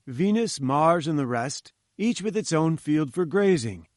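A man's voice: fairly high pitch, lively intonation, measured pace, a little mellow, no echo, studio quality. A man reading the lines of a pompous, condescending male professor who lectures in a lofty, patronizing manner. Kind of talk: audiobook character voice.

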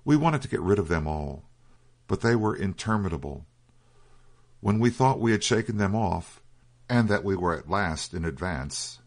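A man narrating a written story in a measured, steady storytelling reading. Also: low voice. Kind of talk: scripted audiobook narration.

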